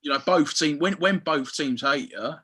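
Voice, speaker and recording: A man, chatting casually on a podcast and telling animated football stories, swearing freely and acting out what people said. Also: on the high side, moderate pace, slight background noise. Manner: animated storyteller, swears freely, acts out quotes. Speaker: football fan guest.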